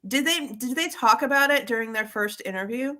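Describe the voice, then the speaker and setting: A woman's voice: fairly high pitch, lively intonation, brisk, pushed and bright. Hesitant woman panelist with many ums. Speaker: panel guest. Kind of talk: casual live-stream chat.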